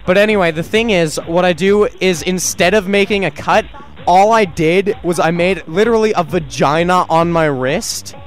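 A man's voice: high voice, moderate pace, rough recording. A young man from Canada telling crude school stories in a rambling, casual way, laughing at himself. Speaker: livestreamer. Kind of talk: casual storytelling chat.

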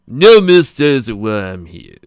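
A man voicing a charming male pony who poses as a reporter, speaking loudly and eagerly in a read-aloud pony story. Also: mid-range voice, expressive, normal speed, dry recording, clean studio sound, natural voice. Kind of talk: fan fiction read aloud.

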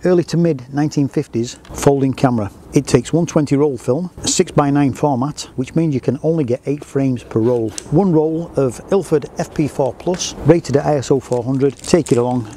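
A man's voice: mid-range voice, normal speed, hardly any pauses, mellow, a little hiss or hum. A man who works as a photographer, talking in a casual, enthusiastic vlog and often restarting his sentences. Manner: chatty and enthusiastic, with frequent restarts.

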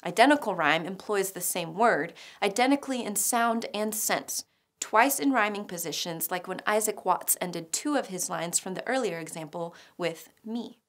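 A woman's voice: mid-range voice, animated. Woman narrating a scripted lesson. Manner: clear, measured explanation with light humor; reads poems aloud slowly. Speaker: educational video narrator.

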